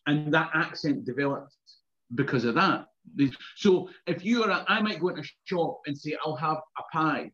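A man's voice: fairly high pitch, a bit bright, lo-fi sound. A Scottish man, around his fifties, telling chatty anecdotes in casual conversation, laughing and swearing now and then. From Scotland. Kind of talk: casual chat.

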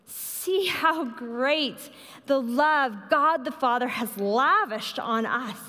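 A woman's voice: animated, takes it slowly, bright, forceful tone. A woman giving a sermon, telling a personal story in an earnest manner. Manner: earnest storytelling, quotes others with raised pitch. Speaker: preacher. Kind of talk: sermon testimony. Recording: long hall reverb.

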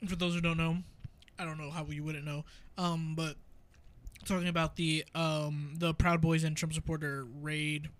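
A young man co-hosting a podcast, telling stories in an animated, giggly way during casual chat. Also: a little high. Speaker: podcast co-host.

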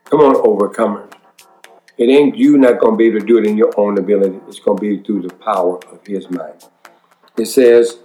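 Male pastor, lower voice, preachy scripture reading, echoey room with soft music. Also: fairly quick. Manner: preachy, repeats scripture lines with emphasis. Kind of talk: evening Bible study sermon.

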